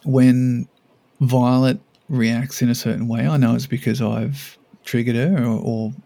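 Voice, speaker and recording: Gravelly, mellow-voiced man chatting. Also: medium pitch, fairly even intonation, unhurried, dry recording. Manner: rambling, many restarts and "like"s. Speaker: podcast co-host. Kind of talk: casual parenting podcast chat.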